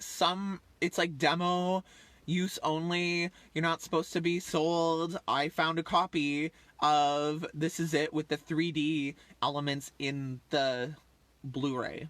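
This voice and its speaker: A man's voice: a little high, a bit bright, no room sound. A man in his thirties rambling casually on a livestream, chatty and full of fillers, often trailing off. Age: 30s. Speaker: livestream host.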